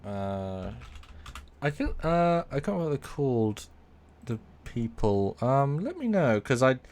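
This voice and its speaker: A man co-hosting a live stream over a video call, relaxed and easygoing, thanking donors. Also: mid-range voice, unhurried. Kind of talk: casual live-stream chat.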